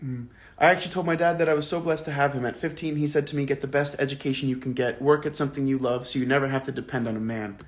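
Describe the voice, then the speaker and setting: This man leads a book club on a livestream, going over the book and reading comments from viewers, all in a casual, animated, indignant style with slang and cursing. His voice sits in the mid-range, and he races along.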